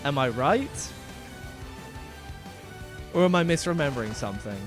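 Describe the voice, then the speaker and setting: A man's voice: fairly high pitch, lively intonation, measured pace, over music. A man streaming a video game live, chatting casually as he plays. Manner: casual, chatty, trails off quietly. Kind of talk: live gaming stream commentary.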